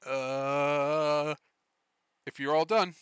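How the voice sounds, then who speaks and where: A man's voice: fairly high pitch, steady tone, drawn-out words, a bit bright, clear, resonant tone, no room sound. A man running a tabletop game as game master, casual and profane, laughing often. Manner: laughing, swearing, loose and joking.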